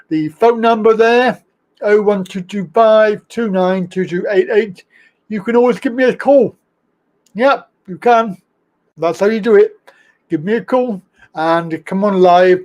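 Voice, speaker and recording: A man's voice: high-pitched, a little mellow. A man hosting a casual live stream show, chatty and rambling, greeting viewers and laughing at his own slips. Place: home studio, in Thailand.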